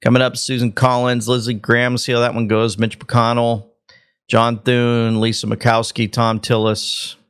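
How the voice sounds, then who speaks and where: A man's voice: mid-range voice, completely flat delivery, moderate pace, smooth. Sarcastic male political commentary host. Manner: sarcastic, mocking. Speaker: show host. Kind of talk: political commentary over clips.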